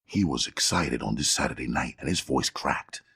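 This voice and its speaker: A man narrating a crime novel audiobook in a steady, measured storytelling manner with a gravelly voice. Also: very deep voice, no echo, clean studio sound.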